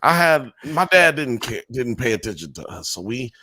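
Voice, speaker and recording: A man's voice: medium pitch, very animated, normal speed, sharp tone. A man co-hosting a casual podcast chat, bantering and joking in a laid-back way. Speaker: podcast co-host.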